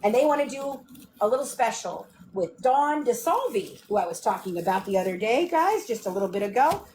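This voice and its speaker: A woman's voice: on the high side, lively intonation, fairly quick, a little mellow, slight background noise. A woman ranting profanely on a home livestream, moving around her kitchen and calling out to people in the house. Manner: profane, ranting, scattered, talks to viewers. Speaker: livestream host. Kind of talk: casual livestream rant.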